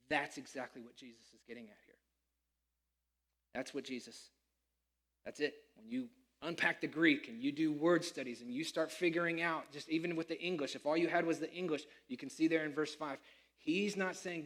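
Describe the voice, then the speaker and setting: A man preaching a sermon as pastor, animated and acting out the people he quotes. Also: on the high side, brisk.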